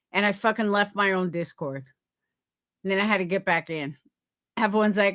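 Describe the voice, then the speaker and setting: A woman on a live-stream panel, talking bluntly and profanely and taking sides quickly. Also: medium pitch, a bit bright.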